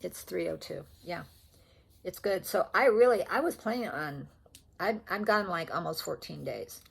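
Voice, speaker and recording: A woman's voice: fairly low pitch, moderate pace, vocal fry, fairly bright tone, slightly rough. An older woman vlogging about her stitching at home, rambling and chatty and often correcting herself as she shows off her threads. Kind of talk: casual show-and-tell chat. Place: at home indoors.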